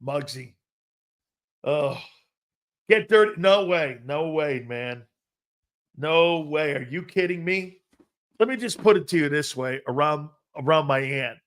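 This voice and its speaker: Brief: male sports talk host, slightly high voice, loud, animated, jokey. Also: unhurried, pauses often. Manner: loud, animated, jokey, talks straight to viewers. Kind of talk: live-stream sports talk reading chat.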